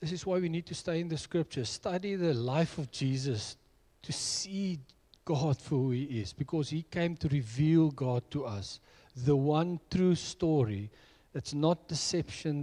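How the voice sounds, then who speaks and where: A man's voice: on the high side, unhurried, dark tone. A middle-aged man preaching a sermon, telling personal stories in an earnest way. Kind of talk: sermon with storytelling.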